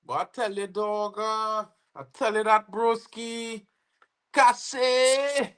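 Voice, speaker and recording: A young Trinidadian man hosting a football watch-along livestream, slangy and excitable, bursting into shouts when his team scores. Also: sits high, a little slow, clean tone. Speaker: football fan livestream host. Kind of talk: live match watch-along commentary.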